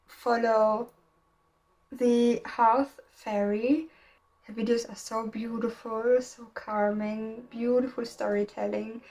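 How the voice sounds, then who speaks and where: A German woman who creates videos talks casually to camera in a vlog, her voice fairly high with a darkish tone. She rambles, often restarting sentences and stopping to search for words.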